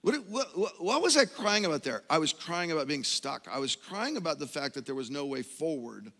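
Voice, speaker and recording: A middle-aged male pastor preaching a sermon, telling a personal story with self-mocking humor and building to loud, emphatic peaks. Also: a little high, big pitch swings, fairly quick, big-room sound. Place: church auditorium.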